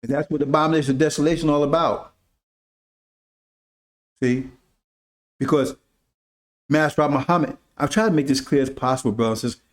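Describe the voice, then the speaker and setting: A man with a voice pitched a bit above the usual preaches to his followers in a loose, informal way. He talks in emphatic bursts of casual slang and keeps checking in with a repeated "See?". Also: fairly quick, pauses often. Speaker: religious teacher.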